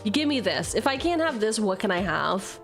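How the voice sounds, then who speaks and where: Woman streamer, mid-pitch voice, playful and self-mocking, cursing casually, faint music underneath. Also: very animated, fairly quick. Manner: playful, self-mocking, swears freely, jumps between jokes and reading. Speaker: streamer opening card packs. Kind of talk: casual live-stream chatter, reading card text aloud.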